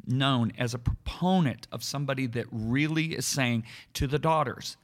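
A man's voice: medium pitch, normal speed. Man, middle-aged, preacher, earnest, emphatic, conversational. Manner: emphatic, repeats words while building a point. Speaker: preacher and podcast co-host.

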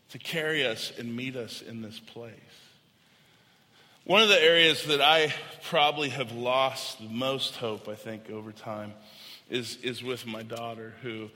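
Guy preaching in a big echoey church, bright voice, real personal and earnest. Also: mid-range voice. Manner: earnest, conversational, personal storytelling. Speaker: pastor. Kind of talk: sermon. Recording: long hall reverb.

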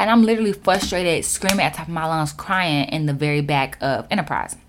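A woman motivational speaker telling a personal story in a sassy, emphatic and animated way. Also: fairly low pitch, fast, few pauses.

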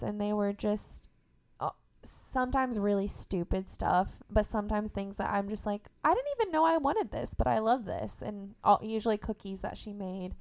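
Young woman, from Indiana, podcast guest, casual chat, vocal fry, animated storyteller. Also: mid-range voice. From Indiana, USA. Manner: animated storyteller, laughs often.

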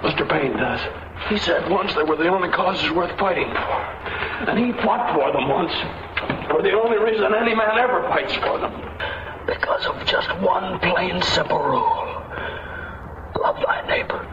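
An actor playing an exhausted, idealistic young senator, pleading in a hoarse, strained voice in an old film drama. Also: male voice, high voice, lively intonation, moderate pace. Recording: echoey, dull old film soundtrack, loud noise.

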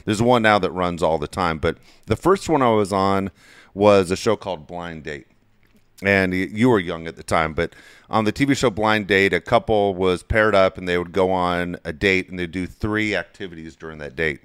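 A middle-aged man co-hosting a casual father-son podcast, telling stories in an animated way, his voice jumping high when he gets excited. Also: normal speed, clean tone, no room sound, studio quality. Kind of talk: casual storytelling chat.

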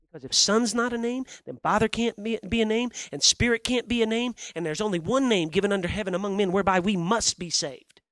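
Man, preacher, sermon, high voice, conversational, animated, dry sound. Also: fairly quick, dry recording. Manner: animated, conversational storytelling with a crowd.

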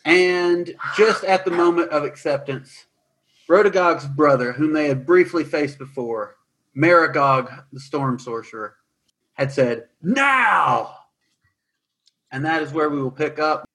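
A man narrating as dungeon master, recapping and describing scenes in a lively way with some fillers. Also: on the high side. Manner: animated, quick recaps with fillers. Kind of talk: tabletop game narration.

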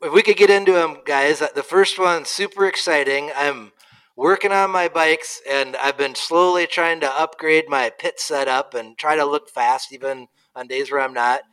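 A man's voice: a little high, normal speed, a bit bright, smooth, poor audio. A man co-hosting a podcast in a casual, self-deprecating way. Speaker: podcast co-host.

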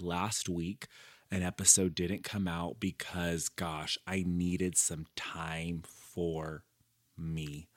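A man's voice: low-pitched, little pitch movement, slow pace, no echo, studio quality. A man hosting a casual solo podcast from a living room armchair, talking candidly and reflectively with playful slang. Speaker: podcast host. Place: living room, in a comfy chair.

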